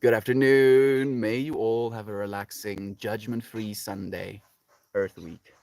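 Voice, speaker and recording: A South African man livestreaming from his farm garden, reading out viewer comments in relaxed, rambling casual chat. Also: fairly low pitch, a little slow, no echo, clean studio sound. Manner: relaxed, chatty, many fillers like "like" and "you know". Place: home on a farm, outdoors in a garden.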